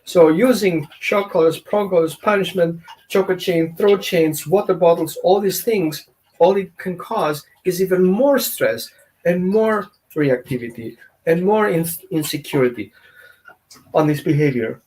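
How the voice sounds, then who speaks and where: A man's voice: sits high, unhurried, a little mellow. Chatty male dog trainer. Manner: conversational, asks the audience questions. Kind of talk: informal teaching talk.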